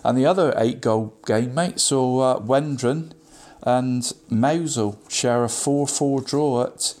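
A chatty man rattles through local football scores in a casual radio roundup. His voice sits at an average pitch, and he keeps calling his co-host "mate", with plenty of ums and restarts along the way. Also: measured pace, a little mellow. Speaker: local football results presenter.

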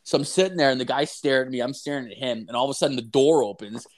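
A man's voice: medium pitch, racing. Young man, casual co-host, profane rambling storyteller. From Canada. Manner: profane, rambling, heavy filler words; animated, acts out voices in anecdotes.

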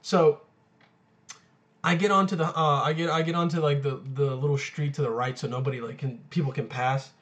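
A man's voice: fairly high pitch, fairly even intonation, brisk, fairly bright tone. A young man in college telling a story casually, rambling and crude, with many fillers and swear words. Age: young adult.

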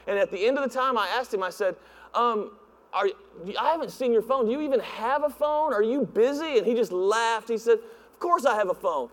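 A male pastor preaching in a church, animated and acting out voices with laughs. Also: extremely high pitch, brisk. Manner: animated, acts out voices, laughs at own jokes. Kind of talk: sermon. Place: church sanctuary. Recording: long hall reverb.

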